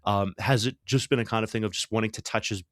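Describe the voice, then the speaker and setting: A man's voice: on the low side, fairly even intonation, fast talker, dry recording, studio quality. A man hosting a podcast, asking questions in an enthusiastic, chatty way with lots of "like". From South Africa. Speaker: podcast host, interviewer. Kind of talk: casual interview chat.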